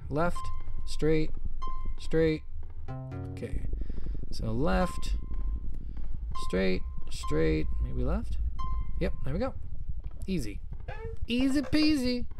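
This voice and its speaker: A man's voice: on the high side, vocal fry. Panicked, swearing gamer man. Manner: frantic, profane, talks to himself. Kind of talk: horror game let's play commentary.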